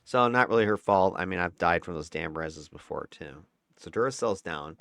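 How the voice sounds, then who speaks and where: A man's voice: sits low, lively intonation, moderate pace, creaky, fairly bright tone, no room sound, clean studio sound. A man giving a casual, candid breakdown of his own gameplay footage, chatty and given to chuckles and mild swearing. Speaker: gameplay commentator.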